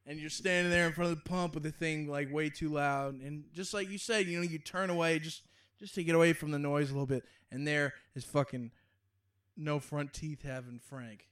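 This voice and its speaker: A relaxed young man with a slightly higher voice talks casually, swearing freely and breaking into laughter along the way. His delivery is loose and offhand. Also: normal speed, smooth. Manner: laid-back, profane, laughs often. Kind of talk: casual chat.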